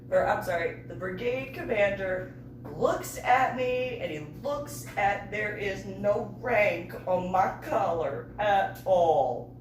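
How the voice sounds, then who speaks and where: A woman reverend telling funny personal stories in an animated way, laughing and making sound-effect voices. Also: mid-range voice, a little hiss or hum. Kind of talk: comedic personal storytelling. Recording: roomy room, distant mic.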